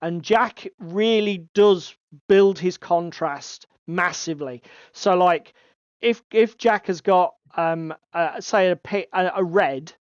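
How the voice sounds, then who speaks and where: A male podcast co-host takes his time in casual chat on a hobby show, talking loosely and swearing. His high voice has a clean tone, and the dry, lo-fi recording sounds a touch dull.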